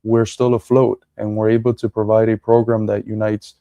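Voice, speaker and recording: Gravelly guy with a dark mellow voice, blunt podcast politics talk, swears a lot, dry sound. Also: lowish voice, little pitch movement, moderate pace, no echo. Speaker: podcast co-host. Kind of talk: casual political chat.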